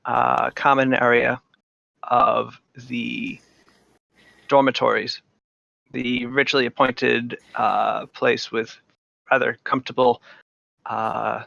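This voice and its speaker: Gravelly, bright-toned man running a game. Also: medium pitch, level tone, no room sound, lo-fi sound. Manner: halting, with many ums and uhs. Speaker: game master. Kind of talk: narrating a tabletop game.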